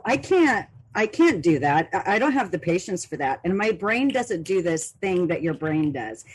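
A woman who moderates a stream's chat, talking in an animated, excitable way and laughing often. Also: lowish voice, normal speed, slightly rough. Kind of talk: casual chat.

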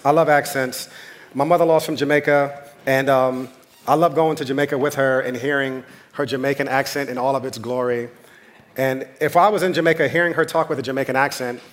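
A man's voice: medium pitch, a bit bright. An American man, a pastor, preaching a sermon in a conversational but impassioned way, repeating phrases for emphasis.

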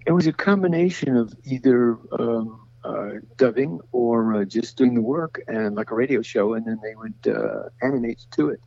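At a moderate pace and with few pauses, an older man speaks in a medium-pitched, darkish, gravelly and husky voice. He's a voice actor guest in an interview, telling long rambling stories and impersonating the voices he quotes, recorded in dull lo-fi sound.

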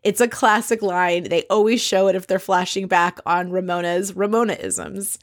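A young adult woman giving a casual, gossipy recap of a TV episode, now and then acting out quoted lines in a brighter voice. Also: mid-range voice, steady tone, moderate pace. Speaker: reality TV recap host.

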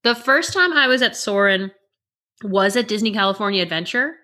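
A chatty woman in her forties telling stories in a casual podcast conversation. Her voice is bright and clear, at an ordinary pitch, and she slips into little acted quotes as she talks. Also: expressive, moderate pace. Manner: chatty storyteller who acts out family quotes. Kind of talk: casual chat.

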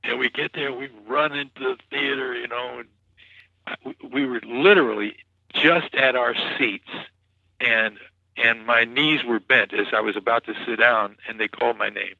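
A man's voice: medium pitch, steady tone, normal speed, gravelly, sharp tone, no echo, dull audio. A man guest, a musician, telling stories in a casual interview, rambling with many restarts and "you know"s. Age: 40s or older.

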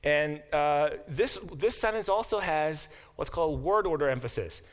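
A middle-aged man teaching a class, explaining with lively examples and frequent restarts. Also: on the high side, moderate pace. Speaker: professor teaching a Bible class. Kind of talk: classroom lecture.

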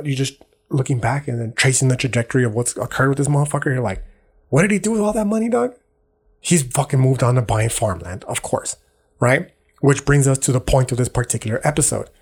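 A man's voice: medium pitch, breathy edge. A young adult man hosting a podcast, talking in a blunt, profane monologue full of street slang. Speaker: podcast host. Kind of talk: casual monologue.

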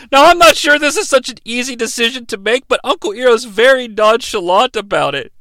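Brief: high, bright man, sarcastic comic recap, dry close sound. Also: a little fast, few pauses, no room sound. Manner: irreverent, animated, sarcastic. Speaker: podcast host.

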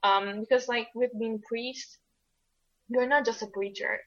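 Young woman from Italy, fairly high voice, rambling chatty delivery. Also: fairly even intonation, unhurried. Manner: rambling, many fillers and restarts, laughs often. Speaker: guest co-host. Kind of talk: casual conversation. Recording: lo-fi dull audio.

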